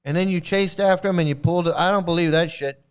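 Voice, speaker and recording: A man reacts to a clip with blunt scorn, stumbling into restarts and repeating his points. His voice is smooth and clear. It sits a little high for a man. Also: quick pace. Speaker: commentary host. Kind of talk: mocking reaction commentary.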